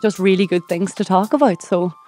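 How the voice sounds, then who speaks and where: A woman's voice: medium pitch, fairly quick, over loud music. A woman, a stage actor, talking casually in an interview with many ums. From Ireland. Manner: chatty, laughs easily, many ums.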